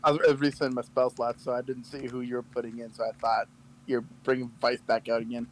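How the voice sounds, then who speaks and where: A man's voice: medium pitch, flat delivery, fast, slight background noise, rough recording. A man playing a tabletop game, talking casually and narrating his character. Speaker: player.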